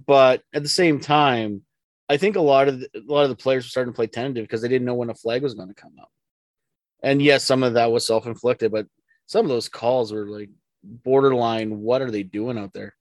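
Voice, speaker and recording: A man's voice: mid-range voice, fairly quick, no echo. Man, casual sports podcast chat, opinionated, jokey, stumbling restarts, dry room. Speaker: podcast co-host.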